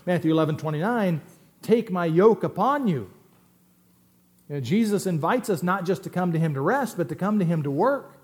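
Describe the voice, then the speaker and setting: A middle-aged man preaching a sermon as pastor, swinging between loud emphatic stresses and quiet asides. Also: high-pitched.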